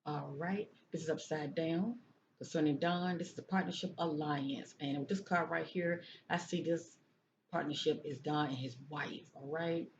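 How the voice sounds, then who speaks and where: A tarot reader with a gravelly mid-range voice gives a casual card reading at a moderate pace and fairly even intonation. They keep asking "okay?" and repeat phrases, heard through dull lo-fi sound with faint noise.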